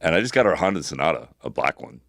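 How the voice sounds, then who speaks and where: Podcast co-host, man, thirties, deep and quick, rambling storyteller with a dry close sound. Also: big pitch swings, creaky, a bit bright, dry recording. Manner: rambling storyteller, swears freely, repeats himself. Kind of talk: casual chat.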